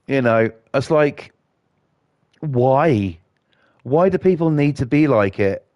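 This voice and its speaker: A man's voice: medium pitch, animated, takes it slowly, dry recording, dull audio. A man, ranting and swearing in a rambling way while he plays a video game. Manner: profane, rambling, indignant. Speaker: gaming YouTuber.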